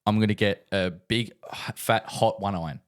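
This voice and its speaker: A young man co-hosting a casual podcast, his voice sitting a little low. He tells stories in an animated way, repeating words and swearing freely. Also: normal speed, clear, resonant tone. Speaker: podcast co-host. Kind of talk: casual chat.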